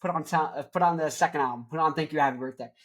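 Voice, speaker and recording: A young man hosting a rock show, joking and rambling loudly, with crude asides. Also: fairly high pitch, racing. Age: young adult. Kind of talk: rambling comedic music talk.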